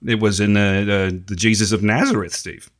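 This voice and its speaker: A man's voice: fairly low pitch, steady tone, a little fast. A man co-hosting a podcast in casual banter, laughing often, with a slightly sick throat. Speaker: podcast co-host.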